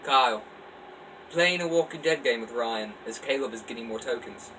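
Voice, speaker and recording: Man, casual storyteller, relaxed reading, distant mic, faint AC hum. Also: medium pitch, moderate pace. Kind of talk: casual read-aloud storytelling. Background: faint air-conditioner hum.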